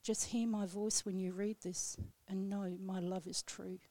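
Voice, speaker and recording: Solemn woman reciting a poem, flat tone. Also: medium pitch, no echo. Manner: slow, solemn, measured recitation. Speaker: radio guest poet. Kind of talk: reading her own poem aloud. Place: radio studio.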